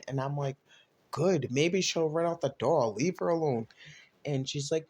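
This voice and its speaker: A man's voice: a little slow, slight background noise. Man animatedly retelling a personal story. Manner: animated retelling, voices quotes with rising pitch. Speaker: storyteller recounting a personal event. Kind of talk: casual storytelling.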